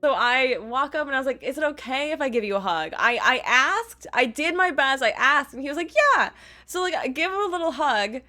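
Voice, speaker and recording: A woman's voice: high-pitched, expressive, fairly quick, pushed and bright. A young woman streamer telling a story in a casual, gushing, chatty way, full of "like" and acted-out quotes. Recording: faint music behind the voice.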